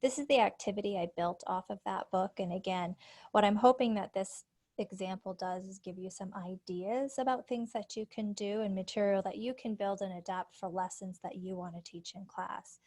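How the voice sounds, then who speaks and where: A woman's voice: medium pitch, moderate pace, a little mellow. Woman, forties, speech therapist, presentation to teachers, friendly, explanatory, computer mic. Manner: friendly, explanatory, with frequent fillers. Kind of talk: conference presentation, screen-share walkthrough.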